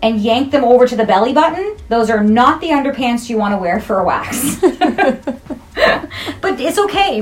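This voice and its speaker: A woman's voice: on the high side, sing-song, moderate pace. A middle-aged woman esthetician, talking frankly and jokingly in a casual interview. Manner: frank, jokey and chatty.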